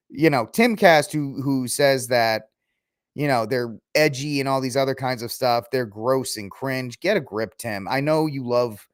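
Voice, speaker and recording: A man's voice: mid-range voice, clear, resonant tone, no echo, studio quality. A man hosting his own podcast, giving a ranting, sarcastic solo commentary with mocking asides. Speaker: podcast host.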